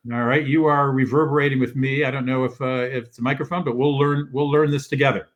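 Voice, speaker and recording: A man's voice: mid-range voice, steady tone, fast talker, dull audio. An older man hosting a casual show from his living room over a video call, rambling with many fillers and restarts. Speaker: host. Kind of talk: casual live-stream talk. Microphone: video call setup.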